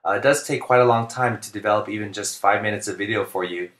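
Guy coach talking basketball plays, flat monotone, kinda low, echoey room. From United States. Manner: monotone, deliberate and clear. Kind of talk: scripted instructional narration. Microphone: home recording for narration.

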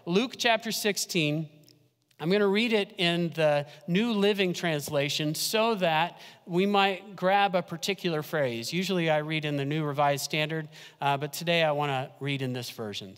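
High-voiced pastor in a reverberant church. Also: male voice, fairly bright tone. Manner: humorous, conversational preaching with slow emphatic drops. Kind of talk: sermon. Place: church sanctuary. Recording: long church hall reverb.

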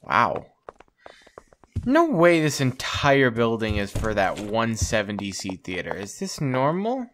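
A man's voice: medium pitch, huge pitch swings, slow, fairly bright tone, slight background noise. A man giving jokey, wry let's-play commentary while playing a game. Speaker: gamer playing on a channel.

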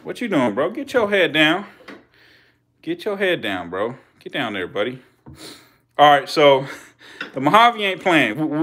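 A young adult man with a Californian accent, hosting a casual vlog with slangy, profane, excitable commentary and laughing asides to viewers. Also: a little high. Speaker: channel host feeding snakes.

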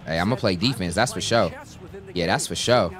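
A young man giving live commentary on his own basketball video game, talking to his teammates and shouting at big plays. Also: deep voice, brisk, very noisy. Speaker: gaming YouTuber.

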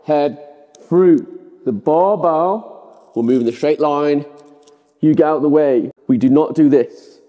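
A man's voice: fairly high pitch, slow pace, pauses often, big-room sound, lo-fi sound. A man coaching the overhead press, giving short firm cues as he demonstrates. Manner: instructive, cue-giving.

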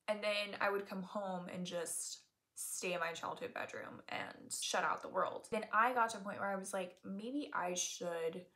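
A woman's voice: mid-range voice, fairly even intonation, normal speed, a bit bright. A young woman in her twenties chatting casually while doing her makeup, rambling and joking at herself, filmed on a tablet at home. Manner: rambling, self-mocking, jokey asides. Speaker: beauty vlogger. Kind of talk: chatty get-ready-with-me makeup talk. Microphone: tablet camera.

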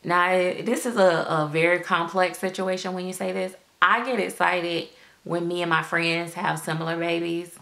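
Gravelly, candid woman vlogging. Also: lowish voice, little pitch movement, moderate pace, fairly bright tone. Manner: candid and chatty, acting out quoted reactions. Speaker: doll collector vlogger. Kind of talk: casual chat to viewers.

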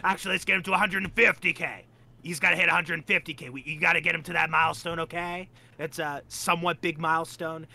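Young guy showing off his game builds, super bright voice, playful and hyped. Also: a little high, steady tone, fast, gravelly. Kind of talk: casual gaming chat.

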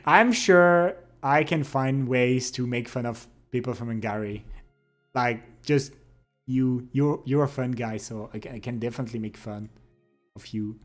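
A young adult man streams live, chatting with his viewers in an unhurried, drawn-out way. He reads their messages aloud and teases them playfully. Faint music plays quietly behind his voice. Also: mid-range voice. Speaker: livestreamer. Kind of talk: casual chat with viewers.

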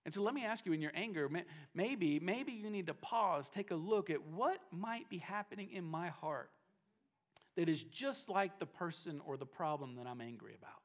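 A man preaching a sermon as pastor in a church, emphatic and repetitive, swinging between loud rises and quiet drops. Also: sits high, expressive, moderate pace, highs cut off. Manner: emphatic, repetitive, rising and falling delivery. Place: church sanctuary.

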